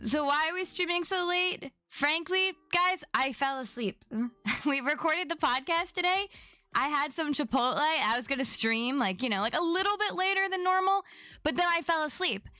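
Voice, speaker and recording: Bubbly young woman streamer, bright voice. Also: sits high, animated, normal speed, no room sound. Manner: chatty, bubbly, greets viewers by name. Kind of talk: casual live-stream chat.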